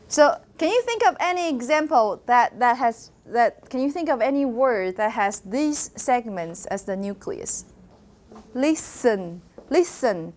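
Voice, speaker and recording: Woman, lecturer, unhurried classroom delivery, models pronunciations by repetition. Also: fairly high pitch. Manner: demonstrates sounds by repeating words slowly; switches briefly into Mandarin. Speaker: university phonetics lecturer. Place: lecture hall.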